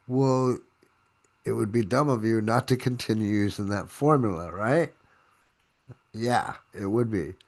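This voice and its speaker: A man hosting an online training session, coaching in an energetic, exclamatory way. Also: lowish voice. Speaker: host.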